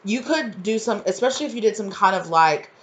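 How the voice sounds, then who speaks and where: A woman's voice: medium pitch, lively intonation, a little fast. A woman giving a collective tarot reading in an effusive, rambling way, full of fillers and restarts and spiritual talk. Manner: emotional, spiritual. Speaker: tarot reader.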